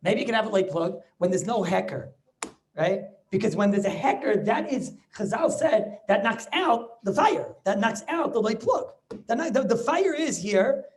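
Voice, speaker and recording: Animated rabbi teaching over video call. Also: male voice, high voice, normal speed. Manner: animated, repeats words, rhetorical questions. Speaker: rabbi teaching a Talmud class. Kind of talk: lively Torah class over video call.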